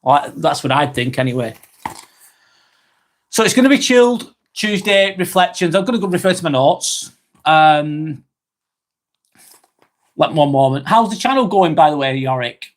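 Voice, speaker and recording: A man in casual live-stream mode, voice sitting slightly high for a man. He rambles gently through viewer comments with plenty of fillers and sorrys. He sounds slightly under the weather. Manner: slow, relaxed, rambling with many fillers and apologies.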